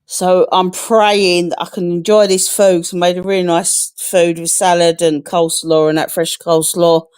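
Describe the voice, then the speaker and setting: A woman's voice: fairly low pitch, level tone, moderate pace, few pauses, darkish tone, smooth. A middle-aged woman from England in casual chat on a live stream, frank and chatty, swearing freely.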